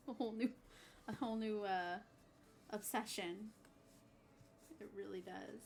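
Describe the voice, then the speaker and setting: A woman chatting casually on a crafting livestream, bubbly and quick to laugh, greeting viewers loudly and muttering to herself as she works. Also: mid-range voice, fairly even intonation, a little hiss or hum. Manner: mutters and whispers to herself while working. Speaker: craft streamer.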